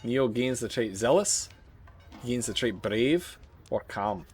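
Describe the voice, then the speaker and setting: A man's voice: mid-range voice, expressive, slow, slightly rough, soft background music. Wry male streamer reading game text. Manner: reads game text aloud with wry asides. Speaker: live streamer. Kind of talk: live gameplay commentary.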